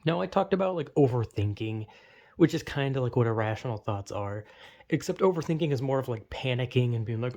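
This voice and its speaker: A man's voice: mid-range voice, fast talker, warm tone. A young man talking casually into his own video, rambling and self-deprecating, full of fillers and restarts. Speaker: vlogger.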